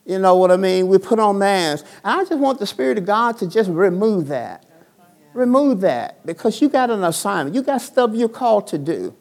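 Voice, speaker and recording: Gravelly pastor preaching call-and-response. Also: medium pitch, lively intonation, normal speed, darkish tone. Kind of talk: sermon. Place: church sanctuary.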